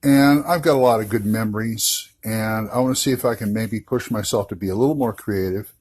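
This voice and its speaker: Older caller with a husky voice, friendly and chatty voicemail. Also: male voice, on the low side, brisk, a little mellow. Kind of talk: voicemail message.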